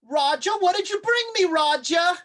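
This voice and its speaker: A man voicing an eerie, possessive mother creature who calls out in a high, singsong croon during a tabletop game. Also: lively intonation, moderate pace, pushed and bright, full character voice. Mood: coaxing.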